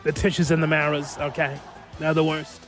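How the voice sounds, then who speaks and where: A man putting on a raspy, grumbling eight-year-old boy fan who ends every line with "okay?". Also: a little high, flat delivery, moderate pace, faint music behind, lightly acted. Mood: whiny, grumbling.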